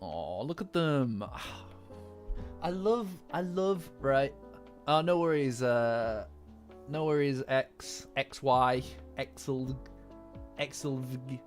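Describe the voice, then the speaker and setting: A man hosting a casual chat about an anime episode. He talks in an excitable way, laughs often, and keeps repeating and restarting his words. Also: mid-range voice, extremely slow, pauses often. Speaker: anime reaction host. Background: faint background music.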